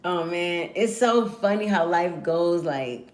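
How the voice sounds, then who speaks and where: Lower-pitched woman host of about forty, profane and rambling, casual monologue. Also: takes it slowly. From Texas. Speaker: podcast host.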